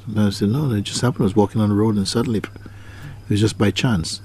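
A man's voice: fairly low pitch, fairly even intonation, quick pace, darkish tone, husky. A man giving a spiritual talk as a teacher, asking probing questions and often repeating his phrases. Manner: questioning, repeats phrases, acts out quoted people.

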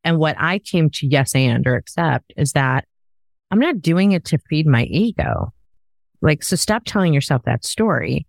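A woman's voice: deep voice, lively intonation, normal speed, vocal fry, dry recording. A woman hosting a podcast in casual conversation, talking in an emphatic, coaching way. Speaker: podcast host.

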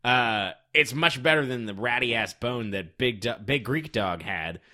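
Man, bright mid voice, loose film chat, swears casually. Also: medium pitch, animated, measured pace. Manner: rambling, swears casually, restarts sentences.

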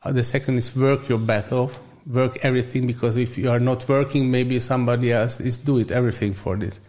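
A man whose first language is Hungarian talks as an interview guest in English with a Hungarian accent. His voice sits in an ordinary middle pitch. He stops, restarts and hunts for words as he goes. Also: fairly even intonation, darkish tone. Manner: halting, searching for words in English. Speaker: gym owner.

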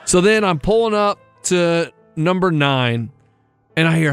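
A man's voice: on the high side, lively intonation, normal speed, dry recording, soft background music. A man co-hosting a radio show, telling a story in casual chat and acting out the other people in it. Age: middle-aged.

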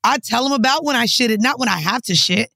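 A woman co-hosts a podcast with blunt, brash, slangy talk and frequent swearing. Her voice is high and sits dry and close to the mic. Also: animated, quick pace, creaky, bright, forceful tone, dry recording. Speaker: podcast co-host. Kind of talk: casual chat.

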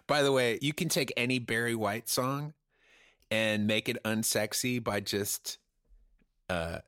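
A man's voice: mid-range voice, slow pace, long pauses, a bit bright, no echo, studio quality. A man in his fifties co-hosting a comedy podcast, joking around and laughing often. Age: 50s. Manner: jokey, laughs often, drops into impressions. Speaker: podcast co-host. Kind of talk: casual comedic chat.

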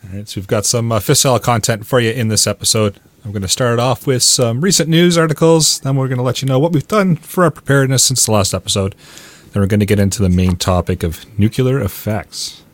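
A Canadian man hosting a podcast, introducing the episode in a brisk, organized way. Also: mid-range voice, no room sound. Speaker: podcast host.

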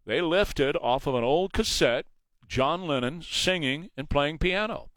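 A man hosts a morning talk show on the radio, pressing his points with rhetorical questions. His voice sits on the high side, and the sound is dry and close to a studio mic. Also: measured pace, fairly bright tone, dry recording. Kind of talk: morning news talk monologue.

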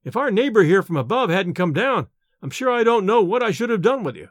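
A nervous young male student frets in a raised, agitated voice, as a man reading an audiobook puts him on. The voice sits high and leaps about in pitch. The recording is dry and close, with no room sound. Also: sing-song, a little fast, no room sound. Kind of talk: audiobook character voice.

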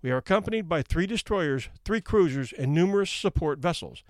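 A pompous, commanding navy captain , as a man reads him, stiff and insistent, a touch higher than plain talk. Dry, close sound. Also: animated, a little fast, no echo, natural voice. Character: pompous male naval captain making demands.

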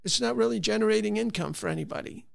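A man's voice: sits high, expressive, fast, creaky, no room sound. A man from Florida, a conservation advocate, telling stories earnestly in a conversational interview with frequent restarts. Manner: earnest, storytelling with many restarts.

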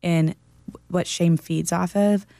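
A woman shares a story in an earnest, encouraging way during a casual chat. Her voice is low and gravelly. The recording is dry and close. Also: steady tone, takes it slowly, dark tone, no echo.

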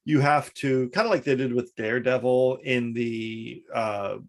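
Young American male co-host, relaxed conversational delivery, medium pitch. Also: measured pace. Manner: easygoing, agreeable, chuckles often. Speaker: podcast co-host. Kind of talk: casual chat.

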